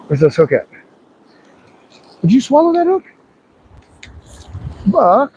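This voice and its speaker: A man's voice: very high voice, takes it slowly, long pauses, highs cut off, slight background noise. A man streaming live while fishing outdoors by a river, talking playfully to the fish as he reels it in. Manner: excited, playful, talks to the fish. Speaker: fishing livestreamer.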